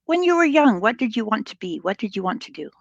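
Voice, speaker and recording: A woman's voice: on the high side, big pitch swings, quick pace, no echo, highs cut off. A woman hosting a casual online interview show, chatty and upbeat, on a video call from home. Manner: chatty, upbeat, laughs easily. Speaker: host. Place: home, filmed live online.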